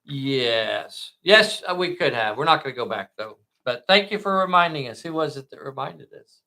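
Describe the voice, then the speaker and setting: A man narrates a tabletop miniatures game like a showman, calling out dice rolls and talking to the audience as boys and girls. His voice is bright and forceful, with a gravelly rasp underneath. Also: mid-range voice, animated, moderate pace. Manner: addresses viewers as boys and girls, dramatic asides. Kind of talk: enthusiastic play-by-play narration.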